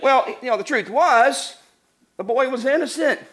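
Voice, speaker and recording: A man's voice: extremely high pitch, moderate pace. A middle-aged man preaching a sermon, telling funny stories and then laying out numbered points. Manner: animated, acts out voices, laughs while telling stories. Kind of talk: sermon with humorous storytelling.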